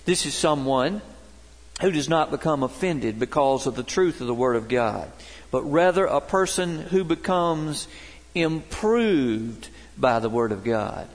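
A man's voice: medium pitch, lively intonation, unhurried, long reverb tail. A middle-aged man preaching a sermon to his congregation in a worship center, emphatic and folksy, telling stories to make his points. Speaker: pastor.

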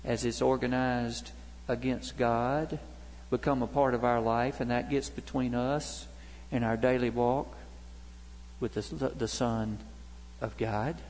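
A middle-aged male pastor preaches a sermon in a church sanctuary, his voice rising and dropping as he tells stories. He speaks slowly at a medium pitch, with a steady, darkish tone. The recording carries the long reverb of a big hall.

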